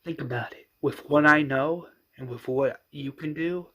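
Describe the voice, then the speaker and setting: A man voicing a calm, scheming male crime boss who talks smoothly and persuasively. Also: on the high side, normal speed, dull audio.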